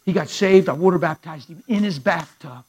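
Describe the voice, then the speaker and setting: A middle-aged man preaching, telling stories animatedly and acting out dialogue, dropping to hushed tones and rising loud. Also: a little high, normal speed, slightly rough, rough recording. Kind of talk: sermon storytelling.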